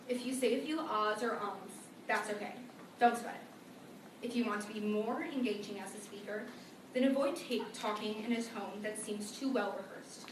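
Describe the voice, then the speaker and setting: A teenage woman giving a senior class presentation at school, speaking in a conversational, plain explaining tone. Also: fairly high pitch. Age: teens. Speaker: student presenter. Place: school room. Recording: echoey room from far off with noise.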